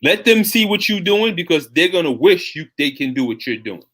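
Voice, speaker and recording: A man's voice: fairly high pitch, big pitch swings, a little fast, fairly bright tone, slightly rough, poor audio. A man hosting a casual interview, speaking in a supportive, encouraging way to his guest. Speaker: host.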